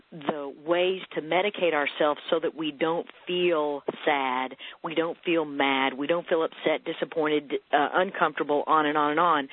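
This counselor speaks earnestly as a radio interview guest and illustrates points with client stories, often restarting and repeating words. The voice arrives over a narrow, phone-like line. The sound is dry, and the pitch sits in the middle range. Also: dry recording. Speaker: family counselor for teens and parents.

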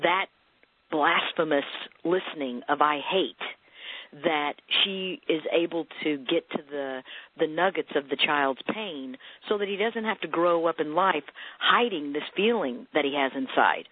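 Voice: mid-range voice, normal speed, husky. A counselor for teens and parents, talking earnestly as a guest in a radio interview and often repeating words while explaining with client examples. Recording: phone-like narrow radio line.

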